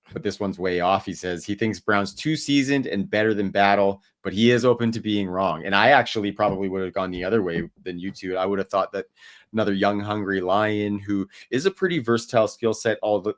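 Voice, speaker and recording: A man co-hosting a casual sports podcast, relaxed and joking, thinking aloud with fillers as he talks through fight picks. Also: deep voice. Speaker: podcast co-host.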